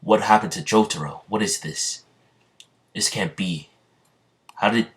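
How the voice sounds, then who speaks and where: Guy doing a stern knight, deep-ish, barking orders, suspicious. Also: a little slow, close to an everyday voice. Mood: accusing. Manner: accusing, commanding.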